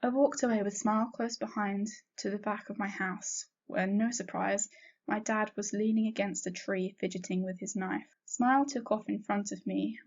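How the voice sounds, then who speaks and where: A woman reading a first-person fanfiction story aloud in a plain, steady narrating voice, in a dull lo-fi recording. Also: mid-range voice. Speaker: fanfiction reader.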